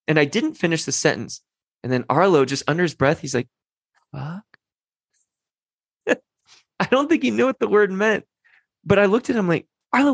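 A man's voice: fairly high pitch, vocal fry, no echo. A man in his thirties hosting a parenting podcast, talking casually and animatedly, telling stories about his kids. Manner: animated, storytelling, quotes his kids in a lighter voice.

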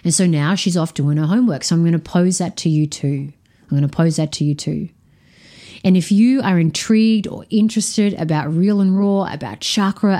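A woman coach talks through her own podcast in a frank, energetic monologue, swearing freely as she goes. Her voice sits a little low, with a mellow, soft tone.

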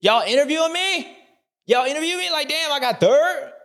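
This is a giddy, wide-eyed young racer for a comedy bit. His voice jumps way up high and keeps breaking into whoops. He sounds thrilled and unable to believe his luck. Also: lively intonation, a little fast, fairly bright tone, exaggerated voice. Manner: squealing, whooping, high-pitched. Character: giddy, surprised young male racer nicknamed Cowboy.

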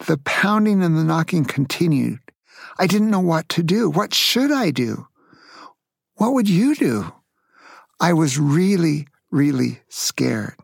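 A man's voice: high voice, big pitch swings, a little slow, gravelly, breathy edge, no echo, studio quality. An older man from Tacoma, Washington, telling a family story to grandchildren in a playful way, asking the listener questions. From Tacoma, Washington, USA.

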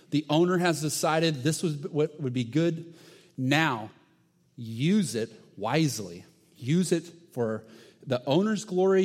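A man preaching a sermon as a pastor, telling stories in an animated way and acting out the people in them. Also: on the high side, big-room sound. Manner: animated storytelling with acted-out voices.

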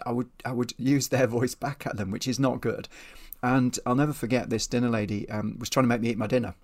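A man's voice: mid-range voice, a little mellow. A man in his fifties, a behaviour trainer telling stories as an interview guest in a chatty, self-deprecating way. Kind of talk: casual storytelling in an interview.

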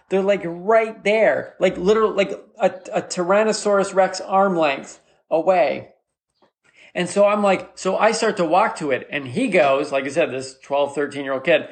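A man hosting a comedy podcast, telling a rambling story in an animated, mock-rallying way, jumping into a squeaky high voice for the people he quotes. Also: normal speed. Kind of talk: solo comedic monologue.

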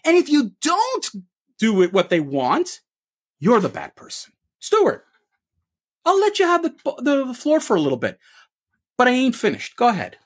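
A man's voice: very high-pitched, wildly swooping pitch, moderate pace, pauses often. A man co-hosting a sports opinion show, giving an emphatic rant full of rhetorical questions. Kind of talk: ranting opinion commentary.

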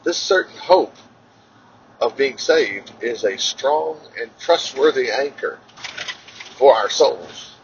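A man reading scripture aloud in a halting way, with fillers and self-corrections. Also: mid-range voice, creaky, slight background noise. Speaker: Bible reader. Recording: dull lo-fi recording.

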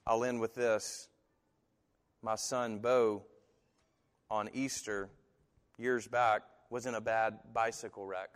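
A man preaching a sermon who tells stories in an animated way and slips into other people's voices when he quotes them. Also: on the low side, takes it slowly, pauses often, clean tone, long reverb tail. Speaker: pastor.

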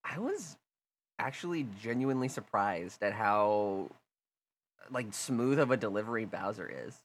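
Lively, laughing podcast host. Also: mid-range voice, measured pace. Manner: laughs often, loose and chatty. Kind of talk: casual podcast hosting.

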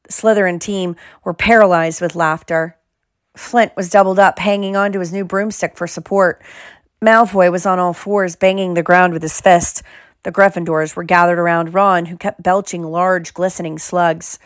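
A woman reading a novel aloud in measured scripted narration, close to the mic. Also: fairly low pitch, steady tone, no room sound. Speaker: audiobook reader.

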